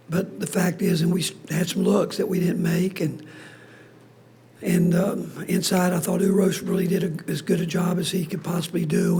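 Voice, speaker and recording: Hoarse, half-whispering coach. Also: male voice, sits high, a little mellow. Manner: halting, restarts sentences often. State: hoarse, voice nearly gone. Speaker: head basketball coach. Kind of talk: postgame press conference answers.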